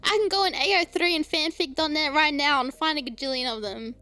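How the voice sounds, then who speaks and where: A woman's voice: sits high, a little fast, pushed and bright, soft background music. A young Australian woman streamer chatting casually, giggling often and breaking into squealing laughter. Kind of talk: casual live-stream chat.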